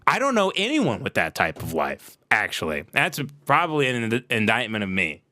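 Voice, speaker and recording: A man's voice: medium pitch, huge pitch swings, fairly quick, bright, forceful tone, no echo. A young adult man, a comedy podcast host, delivering a sarcastic, profane, worked-up comedic rant.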